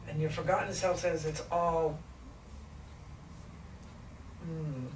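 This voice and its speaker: A woman in trance channeling a gentle, patient ancient male spiritual teacher, speaking slowly and deliberately with many rhetorical questions. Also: sits low, fairly even intonation. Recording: echoey room, distant mic, faint noise.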